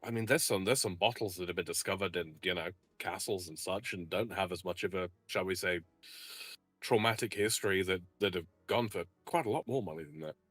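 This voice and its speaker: A man's voice: low-pitched, a little fast, fairly bright tone, no room sound, faint music behind. A man in casual stream chat, wry and dry, who stammers on his starts.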